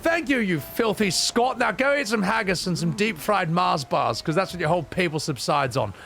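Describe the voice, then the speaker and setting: A man's voice: high-pitched, expressive, normal speed, vocal fry, a bit bright, soft background music, voice pushed up, heavily acted. Man doing a haughty old English lady. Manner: haughty and insulting. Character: desperate, rude old English woman.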